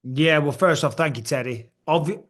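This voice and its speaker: A man, a guest on an interview show, telling stories in a lively way and laughing often. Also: on the high side, normal speed. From Britain. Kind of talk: casual interview chat.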